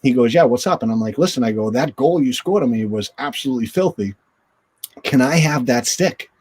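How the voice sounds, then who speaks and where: A man's voice: mid-range voice, fairly quick, husky. A middle-aged man, a former hockey goalie, telling stories as a guest on a video call interview, acting out quotes with a raised voice. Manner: animated, acts out quotes in raised voice. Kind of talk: storytelling in an interview.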